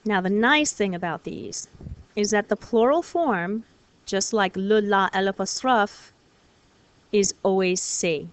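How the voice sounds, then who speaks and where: A woman teaching a recorded lesson, explaining clearly and patiently, step by step. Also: mid-range voice, slow pace. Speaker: French teacher.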